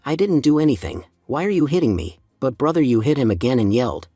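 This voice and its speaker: A man narrating a story recap in a steady scripted read, voicing all the parts in much the same even voice. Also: medium pitch, fairly quick, hardly any pauses, slightly rough, no room sound, clean studio sound.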